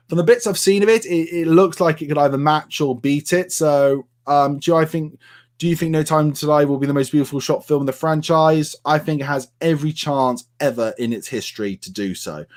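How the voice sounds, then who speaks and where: A man from the United Kingdom chatting casually on a live stream and answering viewers' comments with plenty of fillers. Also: on the high side.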